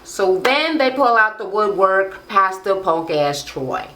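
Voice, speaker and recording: A woman's voice: medium pitch, big pitch swings, takes it slowly, sharp tone. A woman casually recapping a reality show episode, with sassy, profane, mocking commentary. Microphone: camera microphone. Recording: roomy, echoey room.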